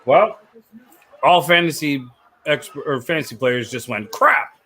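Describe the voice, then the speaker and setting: A man co-hosting a live sports stream, chiming in with quick interjections and short replies. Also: fairly high pitch, a bit bright. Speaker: sports show co-host. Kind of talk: casual live-stream chat.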